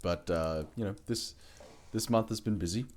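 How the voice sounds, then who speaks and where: 느긋하게 이야기하는 저음의 남자. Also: male voice, lowish voice, normal speed, darkish tone. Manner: laid-back, many fillers. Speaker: player, co-host. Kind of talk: casual podcast chat.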